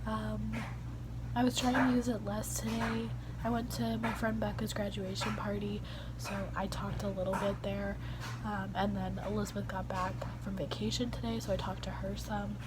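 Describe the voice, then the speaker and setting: A young woman vlogs from home with a hoarse, raspy, half-lost voice. She talks casually and mocks herself dryly, often trailing off. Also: medium pitch, flat delivery, normal speed, heavy background noise. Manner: casual, self-mocking, trailing off. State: hoarse, losing her voice. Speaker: vlogger. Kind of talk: casual vlog chat.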